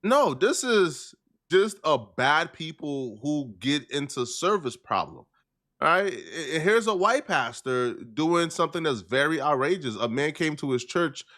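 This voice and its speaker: A man's voice: on the high side, sing-song, measured pace, fairly bright tone. Emphatic man giving casual commentary. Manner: emphatic, conversational, asks "right?".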